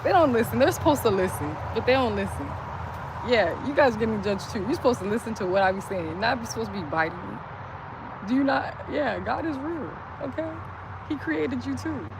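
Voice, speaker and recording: A woman's voice: on the high side, animated, fairly quick. A woman livestreaming outdoors by a street, chatting casually and rambling, saying "like" constantly, into a phone. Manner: says "like" constantly, loose and rambling. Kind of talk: casual rambling stream chat. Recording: loud outdoor street noise.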